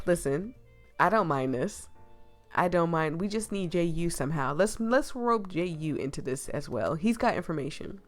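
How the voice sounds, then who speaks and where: A woman's voice: on the low side, expressive, normal speed, soft background music. A woman giving casual, playful commentary while playing a visual novel, laughing often. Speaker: let's play streamer.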